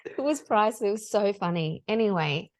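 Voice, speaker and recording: Lively woman telling a story. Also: medium pitch, fairly quick. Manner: animated, acts out dialogue in her stories. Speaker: podcast guest. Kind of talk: casual storytelling.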